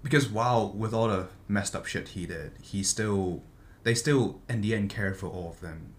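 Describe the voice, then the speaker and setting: A man's voice: lowish voice, normal speed. A man in casual chat about a book, hesitant and thinking aloud as he talks. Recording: faint background noise.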